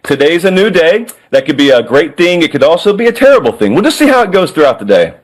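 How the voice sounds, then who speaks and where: A man giving wry, animated college football analysis on a sports talk show. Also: a little high, low-quality recording. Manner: wry, animated, fast-talking.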